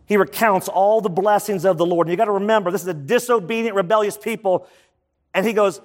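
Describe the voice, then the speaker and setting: A man's voice: high-pitched, a little fast. A male pastor preaching a sermon to men, emphatic and conversational, asking the congregation questions.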